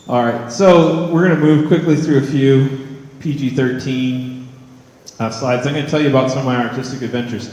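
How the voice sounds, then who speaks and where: A man's voice: medium pitch, steady tone, moderate pace, darkish tone, a little hiss or hum. Wry man speaking in an echoey hall. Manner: wry, joking, conversational. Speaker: artist and college professor giving a talk. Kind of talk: public talk to an audience. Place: large hall with audience. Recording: echoey hall with long reverb.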